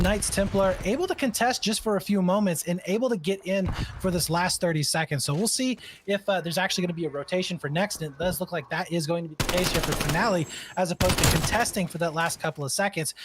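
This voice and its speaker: A man's voice: sits high, noisy background. A young man giving esports color commentary, rambling analysis with lots of filler words. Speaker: esports co-caster.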